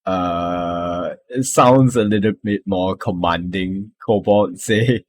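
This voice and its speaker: Slow, low-voiced game master. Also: male voice. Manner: laughs often, halting with many fillers. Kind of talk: narrating a tabletop game.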